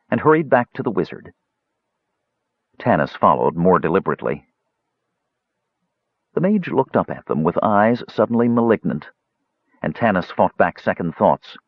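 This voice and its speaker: A man narrates an audiobook in a measured storytelling manner. His low voice is gravelly and husky with wide pitch swings. The recording is dry, close and dull. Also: no room sound.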